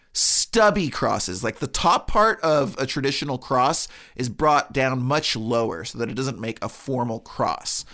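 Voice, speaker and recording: A man's voice: mid-range voice, a bit bright. A man co-hosting a podcast, chatting casually and recapping film scenes with frequent laughs. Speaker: podcast co-host. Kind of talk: casual chat.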